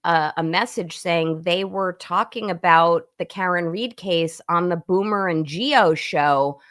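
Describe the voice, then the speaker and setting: A woman's voice: lowish voice, a little slow, a bit bright. A woman lawyer joining a livestream as a guest by video call, talking in a chatty way and often restarting her sentences. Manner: chatty, thinks aloud with many restarts. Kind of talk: casual livestream chat.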